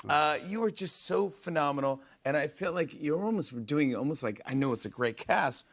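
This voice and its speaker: A man hosting a talk show interview, eager and halting, with frequent restarts. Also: fairly high pitch, expressive.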